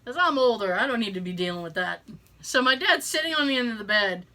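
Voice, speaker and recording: A woman's voice: a little high, animated, quick pace, sharp tone. A middle-aged woman hosting a podcast, telling a story in casual chat, swearing freely and laughing as she talks. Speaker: podcast host.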